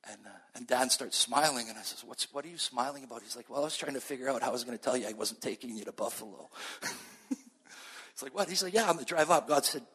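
A man's voice: medium pitch, quick pace, breathy edge. A man from Canada giving a sermon-style personal testimony, telling his story with acted-out dialogue. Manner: storytelling, acts out dialogue, animated. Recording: long reverb of a large hall.

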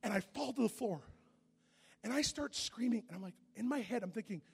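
A man preaching a sermon, telling a story animatedly and often shouting, with a husky voice. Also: extremely high pitch, animated, a little fast, long reverb tail.

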